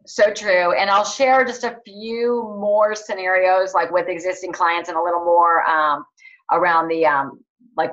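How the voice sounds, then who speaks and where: On a training call, a woman health coach teaches casually about coaching questions, wandering with plenty of fillers and restarts. Her fairly low, fairly bright voice sounds like its highs have been cut off.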